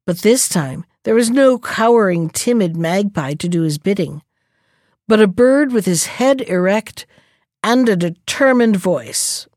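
A woman storyteller reading a folktale aloud in a gentle, expressive way. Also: medium pitch, a little slow, no room sound, studio quality.

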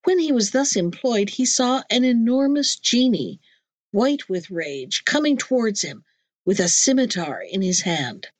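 A woman narrating a classic storybook in a measured, clear reading voice. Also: on the high side, big pitch swings, no room sound. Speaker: audiobook narrator.

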